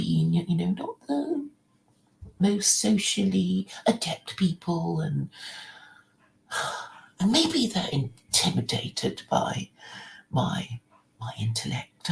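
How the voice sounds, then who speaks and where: A woman hosting a casual livestream, her fairly low voice gravelly with vocal fry. She rambles and restarts her sentences, and her pitch swings widely as she drifts into soft, half-whispered asides. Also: poor audio. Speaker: livestream host.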